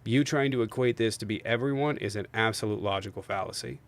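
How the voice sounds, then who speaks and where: A man hosting a livestream of political debates, venting angrily with heavy profanity and loud bursts, then calmly reading out subscriber thanks. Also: fairly low pitch, fast. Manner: angry, profane ranting. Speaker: livestream host. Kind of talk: heated political debate stream.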